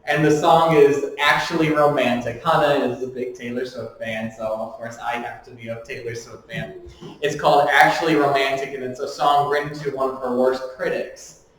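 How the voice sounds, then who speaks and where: A man's voice: mid-range voice, moderate pace, heavy reverb, recorded from a distance, rough recording. A man preaching a sermon as pastor. He jokes as he goes and acts out the people in the story. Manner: animated and joking, voices the speakers in the story. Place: church sanctuary.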